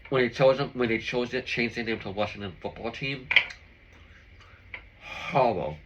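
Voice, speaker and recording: A man's voice: medium pitch, moderate pace, muffled recording, slight background noise. A man vlogging in casual chat with his viewers, rambling and opinionated with lots of fillers while he eats a meal.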